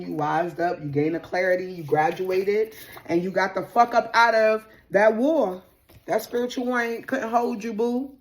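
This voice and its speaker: A young adult woman, doing a casual tarot reading in a sassy, animated way and swearing casually. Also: fairly low pitch. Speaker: tarot reader.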